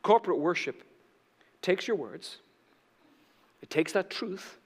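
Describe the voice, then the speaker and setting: A male pastor preaching a sermon with passion, swinging between loud declarations and hushed emphasis. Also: sits high, lively intonation, takes it slowly, breathy edge, big-room sound. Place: church sanctuary.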